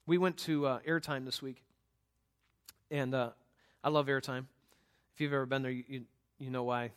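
A middle-aged man preaching in church, telling a personal story in a conversational way with halting restarts. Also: mid-range voice, fairly even intonation, smooth.

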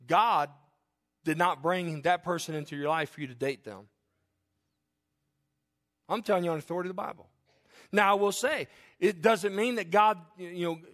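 High-voiced preaching pastor, animated. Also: male voice. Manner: animated preaching, acting out voices of listeners and people in stories. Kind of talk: sermon.

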